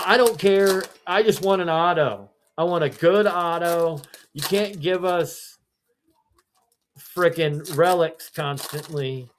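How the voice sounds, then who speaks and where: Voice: mid-range voice, slight background noise. A card seller from Missouri, hosting a live-stream card break and rattling off player names with chatty, self-correcting asides.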